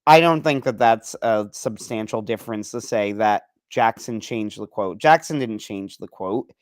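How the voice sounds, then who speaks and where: A man's voice: fairly low pitch, moderate pace, dry recording. A man co-hosting a podcast, ranting in a rambling, joking, casual way. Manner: rambling, animated, self-deprecating joker. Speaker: podcast co-host.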